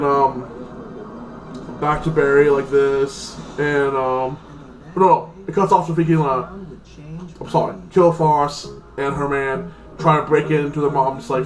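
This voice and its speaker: A man casually recapping a TV episode in a rambling way, full of fillers, acting out the characters' lines in quick voices. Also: fairly high pitch. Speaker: TV episode reviewer.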